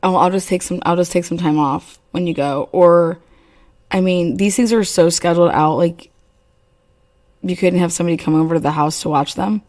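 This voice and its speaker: A woman's voice: on the low side, normal speed, a little mellow. A woman hosting a casual livestream chat, telling crude stories and laughing often. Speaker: host.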